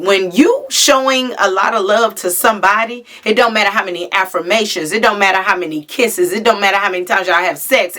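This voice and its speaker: Bright-voiced woman giving a blunt tarot reading. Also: mid-range voice. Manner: blunt and chatty, swears freely, speaks straight to the viewer. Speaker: tarot reader. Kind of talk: casual spiritual reading to camera.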